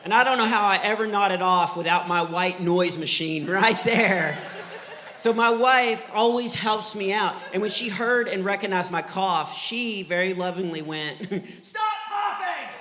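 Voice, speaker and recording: Bright-voiced comedian in a reverberant hall. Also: male voice, high voice, moderate pace, slight background noise. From Texas. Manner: animated storyteller acting out voices. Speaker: stand-up comedian. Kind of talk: clean stand-up comedy with faith message. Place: church hall before a live audience. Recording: live church hall reverb.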